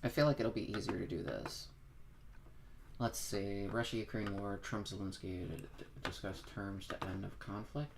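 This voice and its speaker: A woman's voice: rumbling low, steady tone, moderate pace, vocal fry. Woman streamer, casual commentary, mutters and swears while thinking aloud, faint noise.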